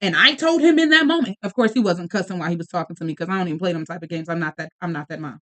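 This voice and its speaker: A woman in her thirties, a podcast host and mother, telling a story in casual chat with quick bursts, restarts and asides. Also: lowish voice.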